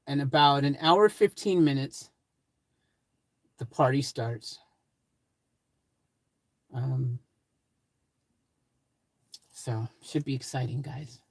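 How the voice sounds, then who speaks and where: A man's voice: on the high side, darkish tone, dry recording. A man hosting a casual live stream from his van, joking and chatting with viewers in the live chat. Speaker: livestream host.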